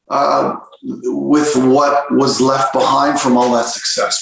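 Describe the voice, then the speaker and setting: A man's voice: mid-range voice, slow pace, vocal fry. A man, a soccer coach, telling stories in a casual interview, full of restarts and repeated words. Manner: animated storyteller, many restarts and repeated words. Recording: very echoey room.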